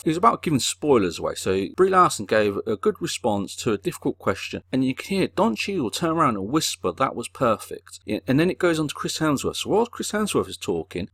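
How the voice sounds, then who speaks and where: A man's voice: mid-range voice, fairly bright tone, no room sound, studio quality. A man giving indignant, repetitive opinion commentary as a channel host.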